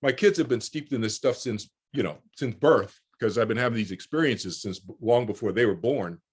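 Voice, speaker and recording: A man's voice: medium pitch, a little fast, breathy edge. A man in his sixties telling a personal story as a guest on a video call, rambling with repeated words and restarts. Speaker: guest speaker.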